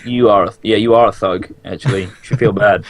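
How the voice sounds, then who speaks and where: A man's voice: lowish voice, steady tone, a little fast, no room sound. A young man from Britain bantering on a podcast with sarcastic, teasing quips, heard over a voice-call headset mic.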